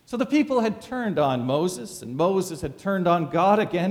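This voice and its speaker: High, lively preaching man. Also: a little slow, hardly any pauses, big-room sound. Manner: dramatic preaching with rhetorical questions. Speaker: pastor. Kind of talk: sermon.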